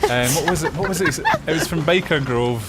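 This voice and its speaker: A man's voice: a little high, a little fast, heavy background noise. A man co-playing on a game stream, joking around with a playful, giggly, dry manner. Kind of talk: casual gaming stream chat.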